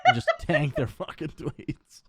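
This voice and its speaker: A man's voice: a little high, huge pitch swings, measured pace, slightly rough, no echo. A man hosting a podcast in casual chat, joking sarcastically and swearing freely. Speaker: podcast host.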